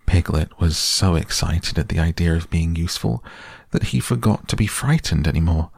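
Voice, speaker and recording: A man reading a children's storybook aloud in a calm, measured way. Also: deep voice, creaky, no room sound, studio quality. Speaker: narrator.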